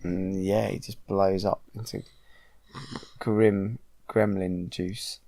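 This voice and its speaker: A father casually retelling a film to his child at home, chatty and animated with many ums. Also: deep voice, slow pace, no echo. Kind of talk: casual storytelling.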